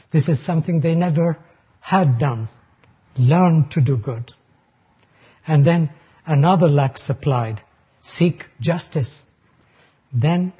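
A man preaching a sermon, reading scripture aloud with slow, deliberate emphasis. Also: on the high side, warm tone, slightly rough, highs cut off.

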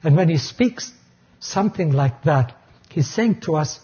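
A man's voice: a little high, lively intonation, a little slow, warm tone, husky. A man preaching a sermon, earnestly explaining terms and sometimes restarting phrases. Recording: dull lo-fi recording.

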